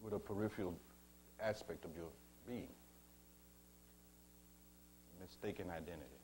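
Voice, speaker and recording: A man giving a spiritual teaching talk, slow and measured, asking his listeners rhetorical questions and calling them beloved. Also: deep voice, a little mellow, slight background noise.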